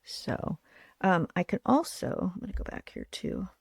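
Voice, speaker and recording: Woman, low-ish voice, casual craft-stream host, rambling and thinking aloud, dry sound. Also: very animated, normal speed, creaky, slightly rough, no room sound. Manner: chatty, thinking aloud, trailing into murmurs. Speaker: puppet builder and show host. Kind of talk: craft livestream demonstration.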